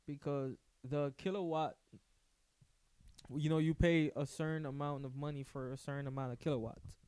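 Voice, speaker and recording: A man's voice: fairly high pitch, steady tone, moderate pace, mellow, clean tone. A man, co-hosting a podcast, telling a story casually with swearing and laughter. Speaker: podcast co-host. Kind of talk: casual chat.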